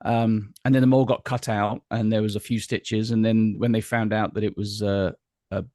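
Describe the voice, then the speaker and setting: A middle-aged British man talking candidly in an interview, with a wry, halting manner and many restarts. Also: fairly low pitch, flat delivery, mellow, dry recording, clean studio sound. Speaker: guest entertainer. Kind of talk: interview conversation.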